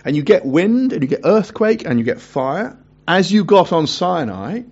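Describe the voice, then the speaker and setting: A man preaching a sermon who asks his listeners questions and reads scripture aloud in a hushed voice. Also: high-pitched, very animated, normal speed, breathy edge. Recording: dull lo-fi recording.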